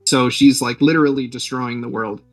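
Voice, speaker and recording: A man's voice: medium pitch, fairly even intonation, brisk, no room sound, faint music behind. Man, podcast host, rambling jokey plot recap, dry sound, slightly distant mic. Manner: rambling, joking plot retelling with filler words. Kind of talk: casual movie recap.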